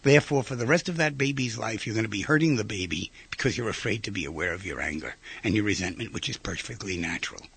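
A man's voice: on the low side, lively intonation, quick pace, creaky, few pauses, a bit bright, breathy edge. A man giving an informal lecture in a conversational way, firing rhetorical questions at his listeners and briefly acting out quoted voices. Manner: acts out short quoted voices. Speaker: speaker giving a talk.

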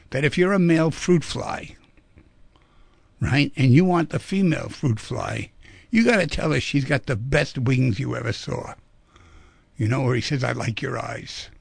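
Male radio call-in host, playful storyteller; husky, dry studio sound. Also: mid-range voice, animated, normal speed, no room sound. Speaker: radio talk show host.

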